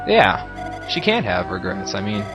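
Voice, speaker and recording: A man's voice: sits low, a little slow, music in the background. A man giving casual, joking commentary over a video game, talking to his viewers. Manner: joking, lively, talks to the viewers. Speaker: let's play commentator.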